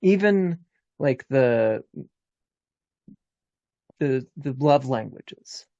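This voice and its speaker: Slow-talking man, dry close sound. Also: medium pitch, expressive, vocal fry, warm tone, no room sound, dull audio. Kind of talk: casual conversation.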